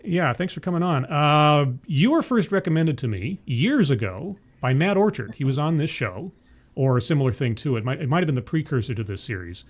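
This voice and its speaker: A man hosting a live-streamed interview show, chatty and energetic, often correcting himself mid-sentence. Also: fairly high pitch, a little fast.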